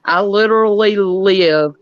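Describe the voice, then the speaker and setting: A woman from Georgia chatting slowly and easily with friends on a call. Her voice sounds dry and a little dull, as if through a modest mic. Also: mid-range voice, clean tone, dry recording. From Georgia, USA. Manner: chatty, drawn-out storytelling. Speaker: channel host. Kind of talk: casual group chat.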